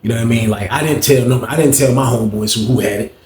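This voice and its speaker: A man's voice: mid-range voice, quick pace, a little hiss or hum. A man telling a profane story casually, acting out the scene in an echoey room. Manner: animated, profane, acts out the scene.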